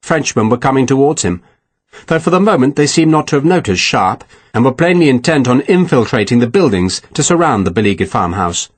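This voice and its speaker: Husky male audiobook narrator. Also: medium pitch, very animated, a little fast.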